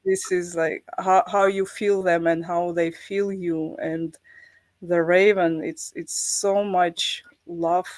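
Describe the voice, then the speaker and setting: A woman's voice: lowish voice, little pitch movement, darkish tone, dry recording. Earnest woman with an Armenian-Russian accent. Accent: half Armenian, half Russian. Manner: earnest, halting, laughs often. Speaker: guest. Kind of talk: live stream chat.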